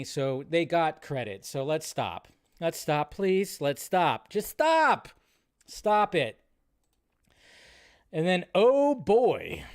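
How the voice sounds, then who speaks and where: High-voiced man ranting about movie news. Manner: ranting, exasperated, talks to viewers. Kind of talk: live-stream movie news commentary.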